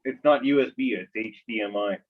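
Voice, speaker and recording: A man's voice: medium pitch, a little fast, slightly rough. A man chatting as a guest on a video call, joking about not understanding his own tech gear. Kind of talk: casual chat. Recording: lo-fi dull sound.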